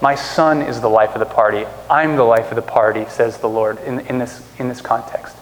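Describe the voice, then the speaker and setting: A man's voice: mid-range voice, steady tone, a little fast. A man preaching a sermon from a stage in a conversational way, asking rhetorical questions and acting out quotes. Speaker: pastor. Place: church stage. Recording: echoey hall reverb.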